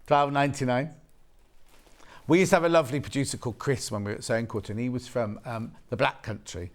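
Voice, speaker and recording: This shopping-channel presenter from the West Midlands of England talks quickly in a mid-range voice with fairly even intonation. Live in the TV studio, he's chatty and jokey, trading banter and repeating prices in his sales patter.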